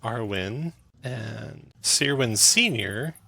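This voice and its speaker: A man running a tabletop game as game master, quick and chatty, laughing often. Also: medium pitch, animated, gravelly, pushed and bright.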